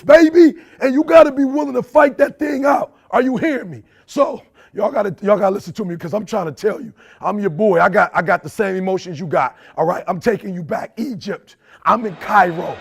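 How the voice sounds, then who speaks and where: A man giving a fired-up motivational talk in a preachy, slang-heavy style, repeating phrases and jumping from shouts to low intense murmurs. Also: gravelly, slightly rough. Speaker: motivational speaker.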